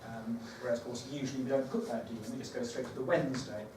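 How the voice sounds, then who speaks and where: This workshop for teachers is led by a trainer whose mid-range voice stays steady at a quick pace. He speaks conversationally, thinking aloud and using fillers. Echo, distance from the mic and background noise mark the recording.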